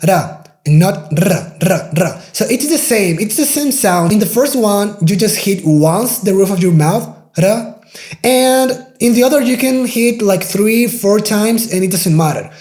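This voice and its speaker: A native Spanish-speaking man with a Spanish accent, patiently teaching pronunciation and repeating each sound slowly to demonstrate it. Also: high-pitched, a little mellow, roomy sound. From Spain. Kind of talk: pronunciation lesson.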